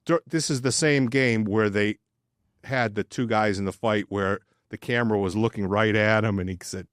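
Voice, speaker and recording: A man's voice: fairly low pitch, moderate pace, clear, resonant tone, dry recording, studio quality. A man co-hosting a sports podcast, ranting in casual chat and swearing freely. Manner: profane, ranting. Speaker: podcast co-host.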